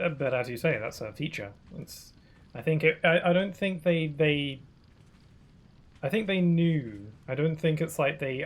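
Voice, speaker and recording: A man streaming a game, chatting casually with many fillers and restarts. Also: mid-range voice. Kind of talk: casual gameplay commentary.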